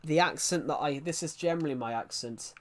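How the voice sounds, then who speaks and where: A man's voice: on the high side, brisk. Rambling, opinionated young male streamer. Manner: rambling, opinionated, answering chat comments. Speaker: gaming livestreamer. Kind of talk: casual live-stream chat to viewers.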